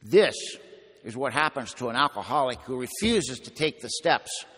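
A man voicing a gruff old male ex-gangster with a deep, gravelly voice who talks blunt, low and quiet, heard in a long-echoing hall. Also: expressive, normal speed. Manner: blunt, drawling, quieter and lower than the narrator.

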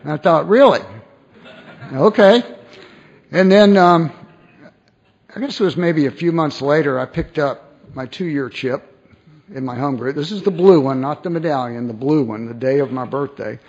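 A man's voice: fairly high pitch, normal speed. A man tells his recovery story, acting out quoted voices, with many restarts. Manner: animated, acts out quoted voices, frequent restarts. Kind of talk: personal storytelling talk. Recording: dull lo-fi recording.

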